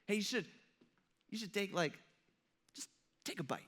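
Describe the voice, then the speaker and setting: A sly male tempter speaks in a hushed, coaxing voice, as a preacher puts him on. His voice sits high and sounds bright, and his talk is slangy and casual. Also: expressive, moderate pace, breathy edge, exaggerated voice.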